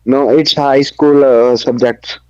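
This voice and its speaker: Young man, careful halting speech, muffled call. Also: mid-range voice, fairly even intonation, warm tone. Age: young adult. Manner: careful, halting reading of practice sentences. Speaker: student.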